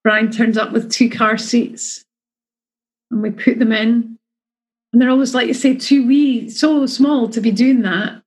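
A woman's voice: fairly high pitch, steady tone, measured pace, a little mellow, breathy edge, low-quality recording. A middle-aged woman, chatting emotionally about her experiences as a mother and acting out the voices of the people in her story. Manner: chatty, emotional, acts out quotes. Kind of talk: casual storytelling.

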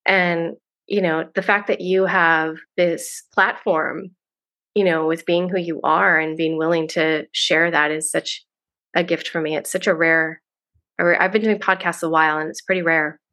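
A middle-aged woman guest on a podcast, talking casually and warmly, gushing and laughing often. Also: fairly low pitch, steady tone, moderate pace.

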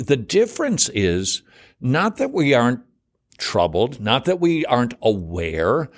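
A middle-aged man, a guest author on a ministry interview, explaining his points in a lively conversational way and breaking into mocking high-pitched voices. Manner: animated, acts out worried voices with sudden high pitch jumps.

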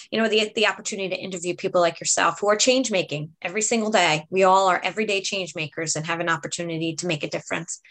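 A woman's voice: mid-range voice, fairly bright tone. A woman hosting an interview podcast, thanking her guest effusively and closing the episode. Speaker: podcast host.

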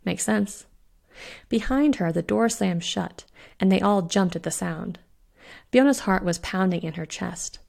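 A woman who hosts a podcast, narrating her own spooky short story in a measured, suspenseful way. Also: medium pitch, vocal fry, darkish tone. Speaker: podcast host and author reading her story. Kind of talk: audiobook narration.

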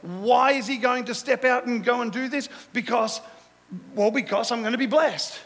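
A man's voice: very high-pitched, normal speed, fairly bright tone. A male pastor preaching a sermon, with repetitive, emphatic phrasing and call-and-response with the congregation. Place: church hall. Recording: echoey church hall with long reverb.

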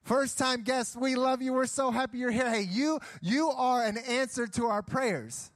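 A man preaching a lively sermon to his church, checking in with the crowd with a constant "okay?". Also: very high-pitched, unhurried. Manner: energetic, keeps asking "okay?". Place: church stage.

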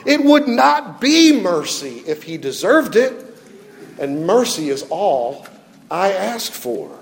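Guy putting on a begging mother, high pleading voice, big reverb hall. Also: very animated, slow, gravelly, heavily acted.

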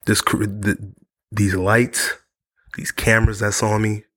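A man's voice: on the low side, flat delivery, slow pace, a bit bright. A man hosting his own podcast, talking earnestly and repetitively to camera while sick and worn out. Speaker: podcast host. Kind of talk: casual monologue to camera. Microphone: studio mic.

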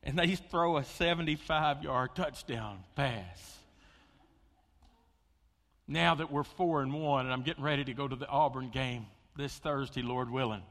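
Bright-voiced preacher in a hall. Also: male voice, fairly high pitch, unhurried. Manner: animated storytelling, swings from loud excitement to quiet intensity. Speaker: pastor. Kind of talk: sermon. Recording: long hall reverb.

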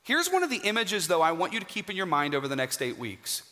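A man preaching a sermon in a church, emphatic and dramatic, with pauses for effect. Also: sits high, huge pitch swings, bright, forceful tone. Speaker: guest preacher. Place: church sanctuary. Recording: hall reverb.

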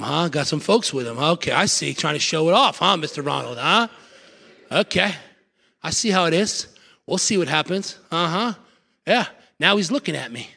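A man's voice: on the high side, gravelly, bright, forceful tone, slightly rough, exaggerated voice. A man acting out a sulky, bitter man who mutters and sneers at a fellow churchgoer.

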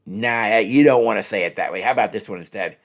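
A relationship counselor with a lowish voice and a quick pace gives advice and acts out example phrases, saying each one twice in an animated way.

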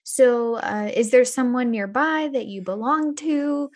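A woman playing her character in a tabletop game, polite and gentle, often laughing. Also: a little high, unhurried. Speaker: player. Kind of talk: tabletop role-play.

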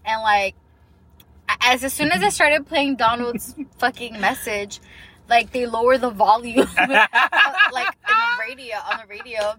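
A woman's voice: a little high, sing-song, measured pace, bright, forceful tone, slightly rough, poor audio. A woman co-hosting a podcast, telling stories through laughs and slipping into Spanish. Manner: laughing storyteller, switches into Spanish. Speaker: podcast co-host. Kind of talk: casual chat.

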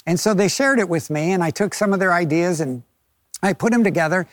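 High-voiced pastor telling a story. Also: male voice, animated, brisk, no echo. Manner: storytelling, acts out quoted voices. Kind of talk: sermon.

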